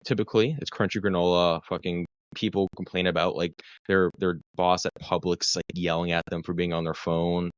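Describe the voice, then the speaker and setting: Deep-voiced man telling a profane, rambling story. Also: flat delivery, fairly quick, hardly any pauses, clean tone, dry recording, lo-fi sound. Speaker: guest, mental health clinician for first responders. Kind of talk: casual podcast chat, long personal story.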